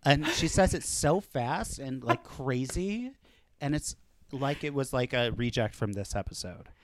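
A man's voice: mid-range voice, expressive, measured pace, no room sound. A man hosting a podcast, chatting casually and gossipy, with lots of "like" fillers. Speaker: podcast host. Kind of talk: casual chat.

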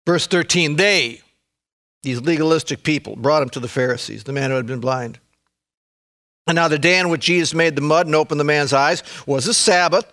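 A man preaching a sermon in an animated storytelling way, acting out the voices in the scripture and repeating words for emphasis. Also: a little high. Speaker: pastor.

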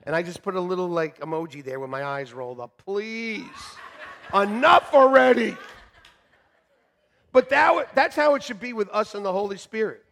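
A male pastor preaching a sermon to his congregation, joking with them and moving between quiet asides and shouted emphasis. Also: high-pitched, lively intonation, moderate pace, gravelly. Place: church sanctuary.

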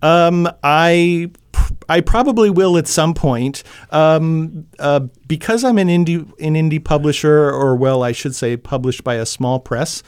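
A man's voice: a little high, measured pace, clean tone, no room sound, clean studio sound. A man from New Hampshire, an author reading from his novel with theatrical expression and then talking as a guest. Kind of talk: dramatic reading, then interview talk.

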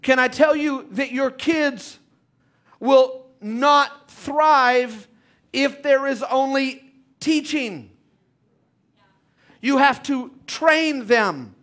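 A man with a very high voice preaches with energy, urging his congregation to respond. He drives his points home with repetition. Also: drawn-out words. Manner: animated preacher, calls out to congregation. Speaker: pastor. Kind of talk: sermon.

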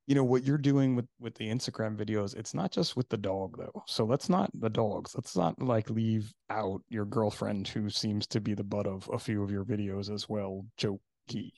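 A man in his forties with a low, gravelly voice hosts a casual podcast chat. He is talkative and laughs easily as he tells stories about his family. His voice sounds close and dry, with no room echo. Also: fairly even intonation, normal speed, few pauses, a little mellow. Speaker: podcast host.

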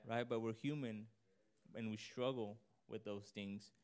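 A man's voice: lowish voice, fairly even intonation, unhurried, darkish tone, clear, resonant tone. A man giving an informal, earnest sermon, reading scripture aloud and talking through it conversationally, his voice rising on points of emphasis. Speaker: preacher.

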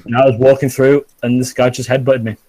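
A man's voice: medium pitch, level tone, fast, mellow, no echo, rough recording. A young man with an English accent, rambling and laughing as he chats with friends on a podcast. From England. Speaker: podcast co-host. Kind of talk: casual chat.

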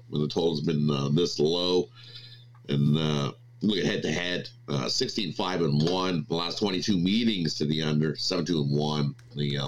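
A man giving sports betting picks quickly, with many filler words. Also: a bass voice. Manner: rapid, many filler uhs. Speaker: podcast co-host.

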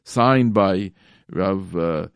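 A man's voice: deep voice, very slow, vocal fry, smooth, dry recording, clean studio sound. A man hosting a call-in radio show, talking casually and emphatically, with frequent restarts and fillers. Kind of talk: casual talk radio commentary.

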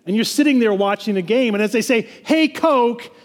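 A man with a high-pitched voice preaches a sermon to his congregation. He talks earnestly and often repeats words and restarts his phrases. His voice rings with a long reverb, as in a church sanctuary. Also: fast talker. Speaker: pastor.

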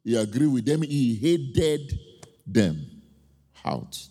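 A man preaching a sermon, telling a personal story with emphatic, drawn-out key points. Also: medium pitch, big pitch swings, dark tone. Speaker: pastor. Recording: long hall reverb.

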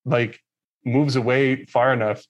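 A man's voice: medium pitch, fairly even intonation, measured pace, lo-fi sound. A man from Texas telling a story in casual conversation, rambling and profane, with lots of fillers.

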